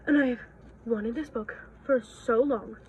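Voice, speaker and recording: A woman's voice: a little high, slow, dull audio, a little hiss or hum. Gushing young woman vlogging at home. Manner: gushing, excitable, swears casually. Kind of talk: casual vlog chat. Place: at home indoors. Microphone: phone camera.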